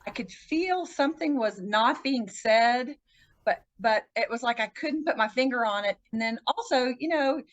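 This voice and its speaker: Speaking as a podcast guest, a woman with a fairly high, animated voice recounts her life story in a casual, earnest, halting way, frequently restarting sentences. Her pitch leaps sharply whenever she quotes someone, and the sound is lo-fi.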